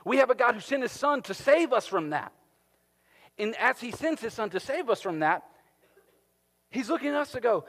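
A man preaching a sermon, animated, swinging from emphatic peaks down to soft, quiet lines. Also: extremely high pitch, normal speed, long pauses. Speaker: pastor. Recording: long hall reverb.

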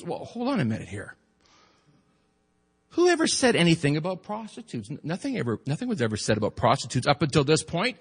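A man preaches as pastor in a big, reverberant church sanctuary, his husky voice on the high side with wildly swooping pitch and a fairly quick pace. He speaks to the congregation conversationally, climbing to emphatic peaks between joking asides.

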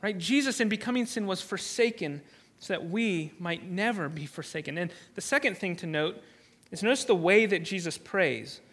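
A man delivers a sermon from the pulpit with a high, bright voice. He preaches in an earnest, emphatic way, often repeating a word as he restarts a phrase. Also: animated, normal speed. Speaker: pastor.

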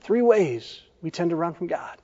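A male pastor preaching a sermon, telling stories in a measured way and putting questions to the congregation. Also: on the high side, very animated, warm tone. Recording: echoey church hall, dull lo-fi sound.

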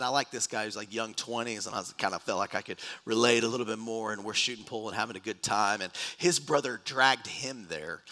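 A man's voice: fairly low pitch, pushed and bright. A man, preaching a sermon as a pastor, telling stories animatedly with dramatic re-enactments and restarts in front of a congregation. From Texas. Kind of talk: sermon storytelling.

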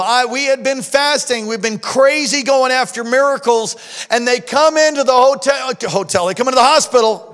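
A middle-aged male pastor preaching a sermon, telling stories emphatically and swinging from hushed tones to shouts. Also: extremely high pitch. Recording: long hall reverb.

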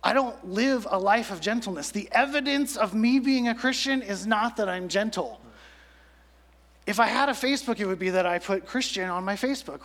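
A man's voice: high-pitched, a bit bright. A young man preaching a sermon to a youth congregation, chatty and full of "like" fillers, acting out quotes as he goes. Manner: conversational, lots of "like" fillers, acts out quotes. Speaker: pastor. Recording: long hall reverb.

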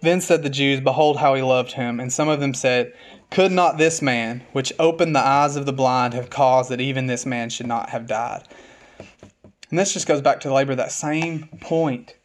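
Man preaching with repeated rhythmic phrases. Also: mid-range voice. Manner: reads scripture aloud, slowing down for emphasis. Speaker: pastor. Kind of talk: sermon.

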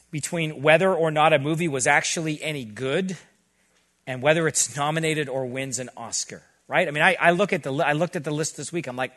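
A middle-aged male pastor preaching a sermon, earnest and conversational with quick asides. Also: on the high side, a bit bright.

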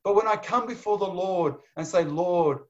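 Male preacher, higher voice, passionate sermon, muffled lo-fi recording. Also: moderate pace. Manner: impassioned, swings from loud pleading to hushed. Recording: dull lo-fi sound.

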